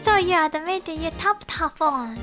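A woman's voice: very high-pitched, expressive, a little slow. A woman voicing a confident young male defense lawyer in a game, in an insistent, accusing way. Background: background music.

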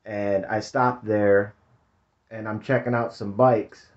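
A man's voice: fairly low pitch, little pitch movement, slow. Laid-back rambling man in his fifties. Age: 50s. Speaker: vlogger. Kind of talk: casual storytelling. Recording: dull lo-fi sound.

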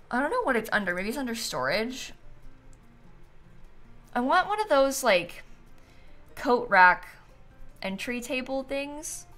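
A woman streamer talks casually as she plays, thinking out loud and chatting to her viewers. Her voice is lively, rising and falling a lot, and she sounds a little sleepy and prone to yawning. Faint game music plays underneath. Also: a little high, a little slow, long pauses. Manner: chatty, musing aloud, talks to chat and objects. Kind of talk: casual livestream commentary while playing.

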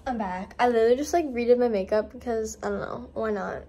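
A woman's voice: a little high, fast, dark tone. A young woman vlogging in a casual, giggly, rambling way, full of fillers, filmed on a handheld camera at home and out on a night walk. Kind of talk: casual vlog chat.

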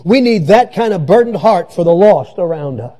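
High-voiced male pastor preaching. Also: lively intonation, moderate pace, warm tone. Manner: repetitive, emphatic preaching. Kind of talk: sermon. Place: church sanctuary.

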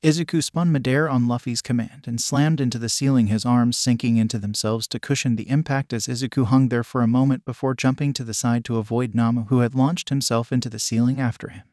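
A man reads a fan story aloud at a middle pitch with even, steady pacing. The sound is close and dry, with no reverb around it. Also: brisk, hardly any pauses. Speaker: narrator. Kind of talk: reading fan fiction aloud.

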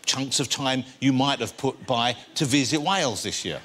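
A man's voice: medium pitch, moderate pace, a bit bright. A man hosting a talk show, asking teasing, leading questions.

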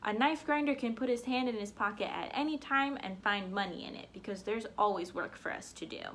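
A woman's voice: mid-range voice, fairly quick, fairly bright tone, a little hiss or hum, natural voice. A woman voicing a contented, cheery knife grinder in a folktale.

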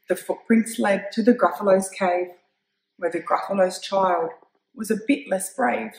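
A woman reads a picture book aloud to children in a slow, unhurried way. She is expressive and stops to point things out to her young listeners. The recording has a noticeably echoey room sound. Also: medium pitch, creaky. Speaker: storyteller.

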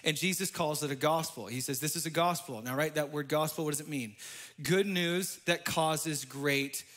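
High, bright-voiced animated pastor. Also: male voice, moderate pace. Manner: animated, swings from soft asides to loud exclamations. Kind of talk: energetic sermon. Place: church.

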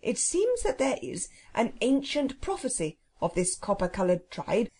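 A woman's voice: a little high, darkish tone, husky, full character voice. A woman doing a stately, know-it-all phoenix. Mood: explaining. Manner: slow, stately, formal. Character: grand, polite, know-it-all male phoenix bird. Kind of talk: storybook reading.

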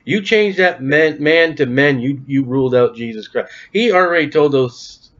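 A man's voice: fairly high pitch, expressive, normal speed, a bit bright. Folksy emphatic preacher man, lo-fi. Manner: folksy, emphatic, calls out to the congregation. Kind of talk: sermon. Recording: dull lo-fi sound.

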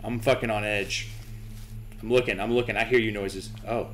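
A man's voice: lowish voice, fairly even intonation, normal speed, slight background noise. Jumpy swearing man playing a horror game. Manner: nervous, swearing, talking to himself and the game. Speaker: gaming channel host. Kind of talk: horror game playthrough commentary.

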